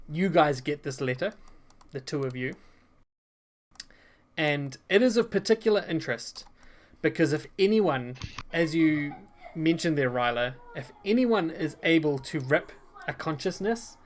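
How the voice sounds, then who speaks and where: A man running a tabletop game as game master, narrating with frequent fillers and halting pauses. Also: a little high.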